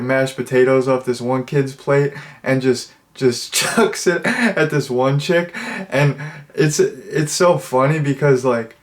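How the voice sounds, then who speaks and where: A young man reviewing a comedy film in a casual, rambling way, full of fillers and restarts. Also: mid-range voice. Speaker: movie reviewer.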